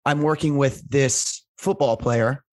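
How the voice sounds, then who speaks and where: A man's voice: medium pitch, steady tone, slow, darkish tone, no room sound. A man, a strength coach, telling stories in casual conversation, rambling with lots of "like" and "right?", earnest and emotional. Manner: rambling, heavy use of "like" and "right?".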